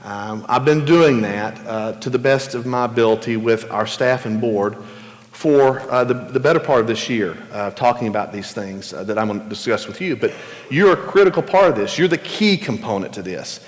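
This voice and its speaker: Earnest male pastor, mid-pitch, plain conversational church talk with stammered restarts, long hall echo. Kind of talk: church teaching session. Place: church sanctuary.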